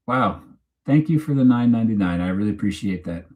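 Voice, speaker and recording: Chatty, rambling man, low voice. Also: animated, a little fast, a little mellow. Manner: rambling, chatty, restarts sentences often. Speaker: host of a true crime channel. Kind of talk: casual live-stream chat, reading viewer comments. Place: home.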